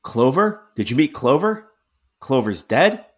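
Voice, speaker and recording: Male GM plays a ragged halfling sentry: wary, brusque, lively up-and-down delivery. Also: mid-range voice, a little slow, slightly rough. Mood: eager.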